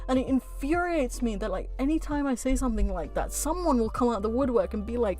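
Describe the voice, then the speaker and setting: With a fairly high voice at a fairly quick pace and faint music behind her, a woman vlogs to camera. Her casual chat is a blunt, heated, animated rant with free swearing and self-directed laughter.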